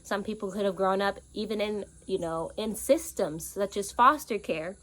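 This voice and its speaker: A woman coaching on inner child healing, talking to camera outdoors in an earnest, animated way with lively quoted asides. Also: mid-range voice, normal speed. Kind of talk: casual teaching monologue. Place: outdoors in nature with birds and bugs.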